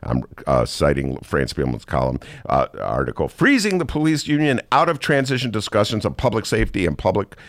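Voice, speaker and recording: A man hosting a talk radio show, giving lively, mocking political commentary and laughing often. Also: on the low side, a little fast, few pauses, no room sound, studio quality.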